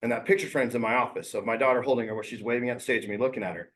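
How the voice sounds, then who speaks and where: A man coaching real estate agents in a casual, blunt way, using slang and quick impressions of clients. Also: medium pitch, steady tone, a bit bright.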